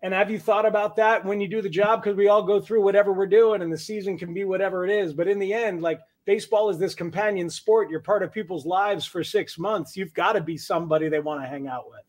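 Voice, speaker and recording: A man's voice: high voice, fairly even intonation, fast talker, hardly any pauses, darkish tone. A man hosting an interview, chatty and filler-heavy as he asks questions. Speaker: interview host. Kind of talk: conversational interview.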